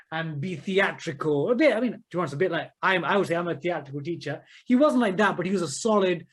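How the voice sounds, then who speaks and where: Enthusiastic man telling stories. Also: a little high. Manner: enthusiastic, animated storytelling. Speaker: guest, author and maths teacher. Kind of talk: interview conversation.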